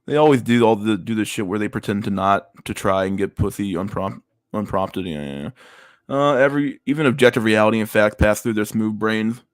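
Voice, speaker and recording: A man's voice: on the low side, fairly quick, clean tone, no echo. A man hosting a casual livestream, reacting to memes with crude slang-heavy banter. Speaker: livestream host.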